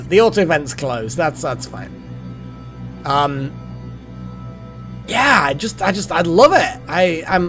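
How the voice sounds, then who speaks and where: A man rambling through gameplay commentary, his pitch swinging widely as he gets excited and then drops into muttering. Faint game music plays quietly behind him. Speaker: gaming channel host. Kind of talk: let's play commentary.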